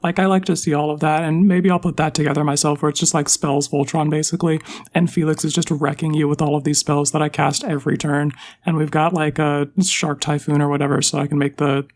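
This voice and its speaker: A podcast guest in relaxed casual chat who laughs often. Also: mid-range voice, brisk.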